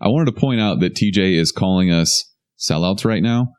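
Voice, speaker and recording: A man's voice: low-pitched, normal speed, darkish tone, clear, resonant tone. A young man co-hosting a podcast in casual chat, joking wryly with a dry, sarcastic edge. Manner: wry, joking, a little sarcastic. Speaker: podcast co-host.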